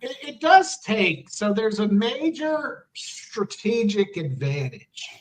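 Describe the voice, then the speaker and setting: Deadpan analytical man, distant mic. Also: sits high, slow, slight background noise. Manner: mock-analytical, deadpan reasoning. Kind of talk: casual chat.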